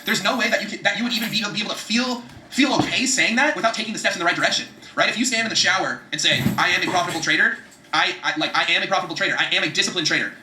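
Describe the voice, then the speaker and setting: A man giving a fast, profane, emphatic motivational talk about setting goals, often repeating himself for emphasis. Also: sits high, bright, forceful tone, echoey room, slight background noise. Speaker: vlogger giving trading and goal-setting advice.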